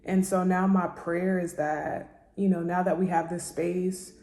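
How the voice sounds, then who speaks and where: A woman's voice: lowish voice, little pitch movement, warm tone. Emotional young woman, echoey kitchen. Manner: candid, halting, many fillers. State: emotional, near tears. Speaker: vlogger. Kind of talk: reflective personal vlog talk. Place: kitchen at home. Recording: echoey room with faint music.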